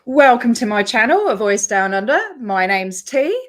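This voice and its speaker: A woman's voice: mid-range voice, animated, moderate pace. An Australian woman hosting her own livestream, chatting casually and rambling as she greets her viewers by name. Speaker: YouTube channel host.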